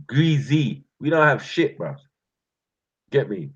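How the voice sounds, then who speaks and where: A man telling boastful street stories in a casual, slangy, animated vlog. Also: mid-range voice, takes it slowly, long pauses, husky. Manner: animated, slangy, boastful, breaks into laughs and sound effects. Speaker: channel host. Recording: muffled lo-fi sound.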